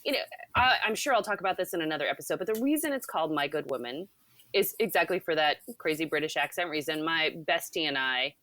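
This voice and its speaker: Chatty woman podcast host, lower voice, laughs a lot, dry close mic. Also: lively intonation, fast, a bit bright, no room sound. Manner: bubbly, laughs often. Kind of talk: casual podcast conversation.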